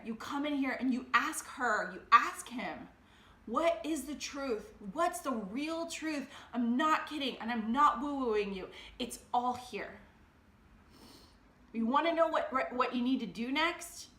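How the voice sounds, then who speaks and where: A high-voiced woman in her thirties delivers a motivational monologue as a podcast host. Her tone is crisp and bright, and she swings between rapid excited bursts and slow, quiet emphasis. The recording carries a noticeable roomy echo. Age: 30s.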